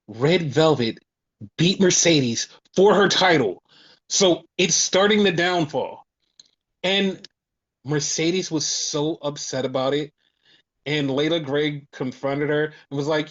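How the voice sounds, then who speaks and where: A man hosting a casual podcast, telling stories excitedly and swearing constantly. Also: a little high, measured pace, lo-fi sound. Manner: excited, profane storytelling. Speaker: podcast host.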